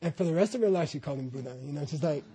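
A man's voice: fairly high pitch, animated, racing, warm tone, husky. A man, a translator, telling meandering stories to a group in a casual way, with many asides. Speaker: translator telling stories about his teacher. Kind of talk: casual anecdotal talk to a group.

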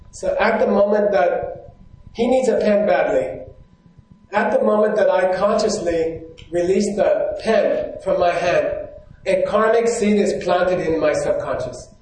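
Brief: male Buddhist teacher, higher-pitched voice, keeps quizzing the room, heavy hall echo. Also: unhurried, a little mellow, recorded from a distance. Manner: keeps checking in with the audience, asking questions. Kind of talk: live teaching talk to an audience. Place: hall with a stage. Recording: very echoey hall.

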